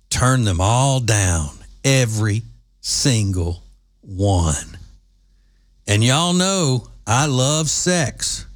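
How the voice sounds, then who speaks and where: Sarcastic guy doing commentary, slow delivery, pitch jumps around a lot. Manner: sarcastic, scornful asides. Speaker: political commentator. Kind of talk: opinion commentary.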